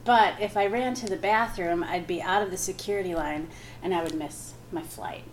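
A woman's voice: lowish voice, moderate pace, background noise. Woman comic telling a story. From Wisconsin. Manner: animated, laughing, acts out quoted voices. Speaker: guest comic. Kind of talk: casual storytelling.

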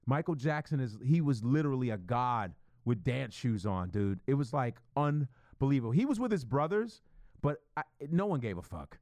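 A middle-aged man hosting a solo podcast, rambling profanely in an animated, stream-of-consciousness monologue. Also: mid-range voice, moderate pace, no echo. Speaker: podcast host.

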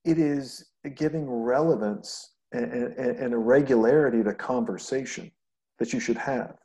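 A man with a mellow, darker voice talks in a loose, rambling way. He tells animated stories and swears freely in casual conversation. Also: medium pitch, measured pace. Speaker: podcast host.

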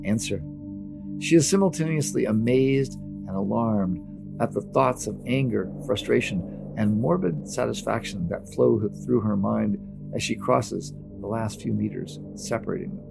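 A man narrates a novel in a steady, dramatic audiobook reading. His voice is low and strongly gravelly, with clear music playing beneath. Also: moderate pace.

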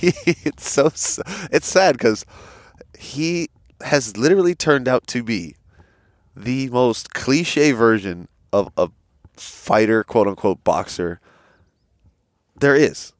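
A man's voice: medium pitch, slow pace, dry recording, clean studio sound. A young man co-hosting a podcast in casual chat, telling stories with lots of swearing and acted-out quotes. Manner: animated storyteller, swearing, acts out quotes. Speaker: podcast co-host. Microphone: headset.

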